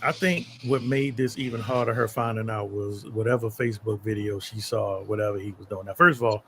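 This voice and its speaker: A man's voice: lowish voice, steady tone, a little fast, sharp tone, a little hiss or hum. A man co-hosting a podcast in casual chat, blunt and profane. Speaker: podcast co-host.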